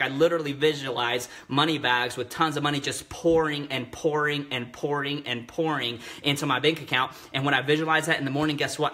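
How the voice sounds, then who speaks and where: Fast-talking energetic man giving a motivational talk. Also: medium pitch. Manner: energetic, repetitive, hype-driven. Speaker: network marketing coach. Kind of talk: live-stream motivational talk.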